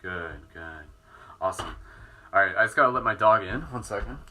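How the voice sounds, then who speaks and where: Male meditation teacher, bright tone, relaxed and soft, guiding breath work. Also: lowish voice, a little fast, poor audio. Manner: relaxed, soft-spoken, self-mocking. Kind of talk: live guided meditation.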